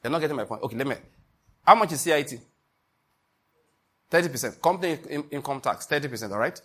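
A pastor preaching an emphatic sermon, often asking the congregation if they follow. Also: male voice, a little high, expressive, quick pace, bright, forceful tone, slightly rough.

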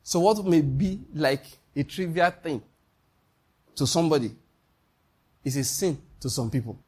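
A man's voice: a little high, animated, a little slow, a little mellow, slightly rough. A man with a Nigerian accent preaching a sermon, emphatic and repetitive, often quizzing his listeners. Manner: emphatic, repeats key lines, quizzes the listeners.

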